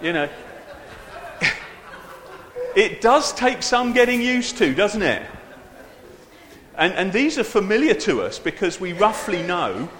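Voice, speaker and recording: A man gives a light-hearted sermon in a big church hall, his voice riding high and swinging lively up and down. He talks chattily and pokes fun at himself, throwing questions out to the congregation. The microphone picks up a roomy echo with a long reverb tail. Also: takes it slowly, long pauses. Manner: chatty and self-deprecating, with many asides to the congregation. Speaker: preacher leading a church service. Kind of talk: informal, humorous sermon. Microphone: handheld or stand microphone.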